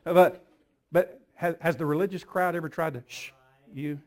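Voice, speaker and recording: Older male pastor, high voice, emphatic repetitive sermon delivery. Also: fairly even intonation, normal speed. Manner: emphatic, repetitive preaching cadence.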